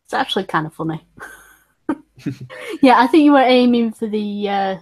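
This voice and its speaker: A woman's voice: a little high, expressive, moderate pace. A woman with a northern English accent, casually chatting on a stream and laughing often. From northern England. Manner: giggly, laughs often between remarks. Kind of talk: casual chat.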